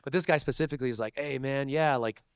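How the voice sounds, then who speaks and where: Voice actor at a convention panel, young man, casual and animated, mid-range voice, dry mic. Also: mid-range voice, quick pace, smooth, no room sound. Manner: casual and chatty, full of "like" and "dude", laughs between lines. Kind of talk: animated storytelling to a live audience.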